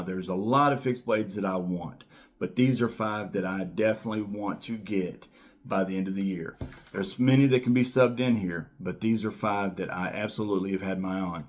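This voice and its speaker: A man in his thirties hosting his own knife channel, talking casually to camera in a rambling, enthusiastic way with lots of fillers and repeated words. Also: lowish voice. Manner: repeats key words for emphasis. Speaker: knife reviewer and channel host.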